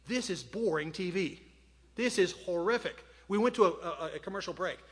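A man preaching a sermon. He tells stories dramatically and often drops to a hushed voice. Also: high-pitched, lively intonation, moderate pace, husky. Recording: long hall reverb.

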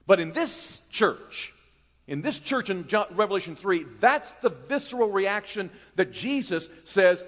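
A middle-aged pastor from North Carolina preaching a sermon, folksy and self-mocking, building to fervent emphasis. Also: male voice, high-pitched, measured pace, a bit bright, long reverb tail. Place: church sanctuary.

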